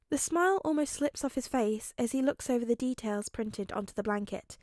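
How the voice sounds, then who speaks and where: A woman reading fan fiction aloud as an audiobook, with a gentle, chatty manner. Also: fairly high pitch, fairly quick, few pauses, no echo, clean studio sound. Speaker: podfic reader.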